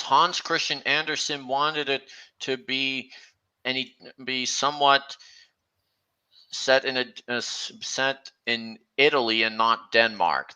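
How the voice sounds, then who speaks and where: A man chatting casually on a stream, talking slowly and haltingly with frequent restarts. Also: mid-range voice, fairly even intonation, sharp tone, clear, resonant tone, rough recording. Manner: halting, many restarts, slow and meandering. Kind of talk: casual chat.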